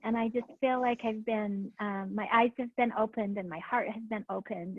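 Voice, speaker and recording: A woman's voice: mid-range voice, normal speed, hardly any pauses, no room sound, phone-quality sound. Tearful woman on a thin video call. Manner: tearful and heartfelt. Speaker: yoga graduate. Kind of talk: emotional farewell speech.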